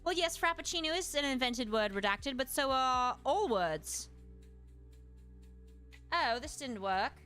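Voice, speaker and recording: A woman streamer in casual chat, reading aloud and musing with quick asides to her chat. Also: high voice, lively intonation, sharp tone, clear, resonant tone, soft background music. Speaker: streamer host.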